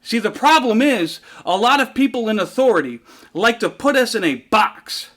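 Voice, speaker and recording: High, bright-voiced male motivational speaker. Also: normal speed. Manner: animated storyteller who builds to rhetorical climaxes. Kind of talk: motivational keynote storytelling.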